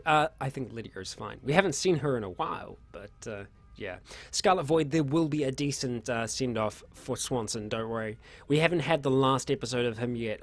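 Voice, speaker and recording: A man's voice: mid-range voice, no echo. A young man hosting a casual Q&A, reading out viewer questions and answering in a chatty, rambling way with many fillers and restarts. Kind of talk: casual livestream Q&A.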